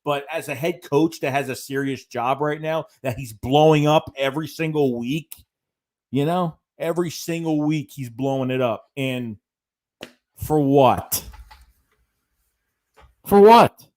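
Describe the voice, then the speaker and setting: A man's voice: medium pitch, normal speed, a little mellow. A man hosting a live-stream fan show, ranting in a rambling way, repeating himself and reading out viewer chats. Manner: rambling, repeats phrases, many fillers; reads viewer chats aloud between rants. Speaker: fan channel host. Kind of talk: live-stream sports rant.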